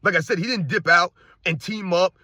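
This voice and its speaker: A man hosting a sports commentary show rants heatedly and repetitively, firing off exasperated rhetorical questions. His husky voice sits high and sounds pushed and bright, he talks fairly quickly, and the recording is dry.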